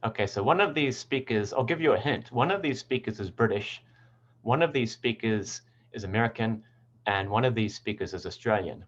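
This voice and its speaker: A man's voice: on the low side, moderate pace, lo-fi sound. A man teaching English pronunciation, explaining patiently step by step. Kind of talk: explanatory lesson.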